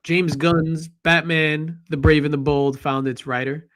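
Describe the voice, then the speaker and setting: A man's voice: on the high side, steady tone, a little slow, fairly bright tone. Jokey man hosting a pop culture chat. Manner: jokey, reads chat comments aloud. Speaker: host.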